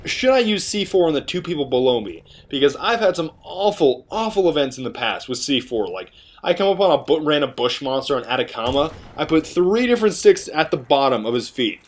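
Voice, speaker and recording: A man's voice: a little high, sing-song, fairly quick, hardly any pauses. A young man giving casual, joking gameplay commentary with rambling, chatty asides. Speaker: gaming video commentator.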